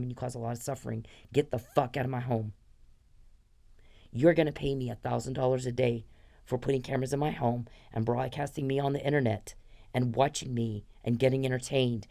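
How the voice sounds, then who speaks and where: A woman's voice: extremely low pitch, gravelly, warm tone. Angry profane woman in her fifties. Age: 50s. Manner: angry, profane, accusatory, addressing someone directly. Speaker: podcast host. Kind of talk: ranting podcast monologue.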